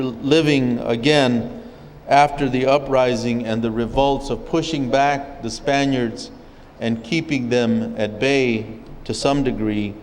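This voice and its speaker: A man from an O'odham community in Arizona recounting his people's history as a speaker at a public forum, in a measured storytelling way. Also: medium pitch, long reverb tail, rough recording. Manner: measured storytelling, occasional restarts. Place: legislative chamber at a state capitol.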